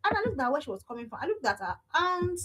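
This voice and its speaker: A woman's voice: sits high, sing-song, fast, low-quality recording. A middle-aged woman, coaching parents in an emphatic, repetitive, scolding way. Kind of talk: motivational talk to parents. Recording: loud background noise.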